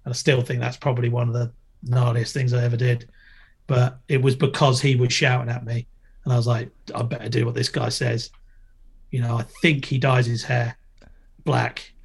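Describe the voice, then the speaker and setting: A man's voice: mid-range voice, slightly rough. Jokey middle-aged man telling stories. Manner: jokey, storytelling, swears freely. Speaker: guest, former skateboarder and TV presenter. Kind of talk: casual podcast interview.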